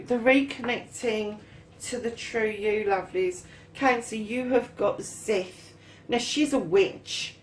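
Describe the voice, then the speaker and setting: A woman's voice: mid-range voice, distant mic, slight background noise, poor audio. A woman giving a casual, encouraging tarot reading, chatty and swearing freely as she talks. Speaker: tarot reader.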